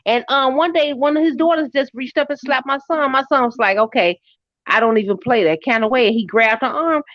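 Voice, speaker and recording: A middle-aged woman chatting casually and telling a family story, her pitch jumping when she quotes people. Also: fairly quick, no echo. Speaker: co-host. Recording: dry, muffled lo-fi audio.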